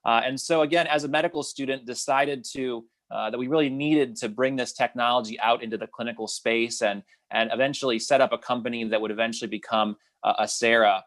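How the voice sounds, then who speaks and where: A startup founder tells his story on a video call panel, hesitating often with filler words. He has a man's ordinary middle pitch. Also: steady tone, brisk, hardly any pauses, a bit bright.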